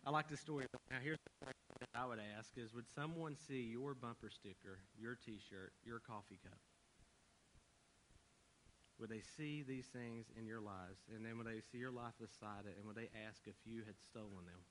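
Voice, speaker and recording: A man's voice: medium pitch, normal speed, a bit bright, a little hiss or hum, poor audio. A male pastor preaching a sermon, telling a story in a casual, joking way and asking earnest rhetorical questions.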